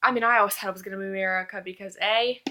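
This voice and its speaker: A woman's voice: medium pitch, fairly even intonation, rapid-fire, pushed and bright, a little hiss or hum. A young woman reviewing a book in casual chat, gushing and rambling as she fangirls.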